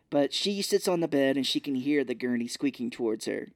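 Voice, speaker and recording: Guy on a podcast going over a movie, mid-pitched voice, dry close mic, does little character voices. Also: dry recording. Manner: retells scenes with quick put-on character voices. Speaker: podcast co-host. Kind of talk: casual movie recap chat.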